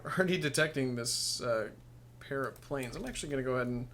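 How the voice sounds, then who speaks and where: A man's voice: medium pitch, quick pace, fairly bright tone, slight background noise. A man giving casual let's play commentary, sarcastic and grumbling, cursing and laughing at the game.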